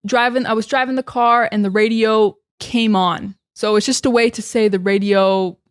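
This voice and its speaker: A woman's voice: a little high, steady tone, moderate pace, clear, resonant tone, no room sound, studio quality. Chatty American woman teaching English. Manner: chatty, many fillers and restarts. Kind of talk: casual podcast-style teaching.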